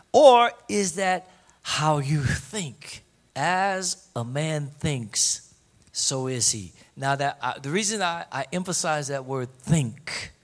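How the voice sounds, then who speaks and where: A man preaching a sermon in a fairly high voice. He is emphatic and insistent, circles back to the same lines again and again, and stretches words out when he wants them to land. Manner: emphatic preaching, repeats key phrases, slows for emphasis. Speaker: pastor. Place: church service before a congregation.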